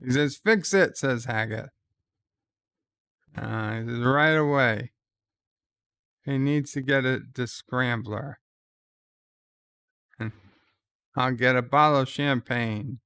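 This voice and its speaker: A man's voice: medium pitch, steady tone, takes it slowly, gravelly, pauses often, a bit bright, smooth, no echo, clean studio sound. A man hosting a live reaction stream, retelling the scenes and reading out chat messages. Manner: retells scenes, quoting lines in a plain voice; reads out viewer chat messages. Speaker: host.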